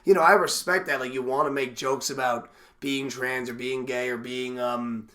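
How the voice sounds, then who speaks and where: A man's voice: medium pitch, fairly even intonation, moderate pace, bright, forceful tone. Rambling young man co-hosting a podcast. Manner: rambling, self-interrupting, acts out quoted lines. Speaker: podcast co-host. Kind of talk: casual chat.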